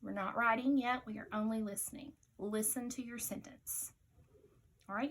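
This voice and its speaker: A female teacher dictates spelling words slowly to young children, patiently repeating each one with care. Her voice sits on the high side, and the audio quality is poor.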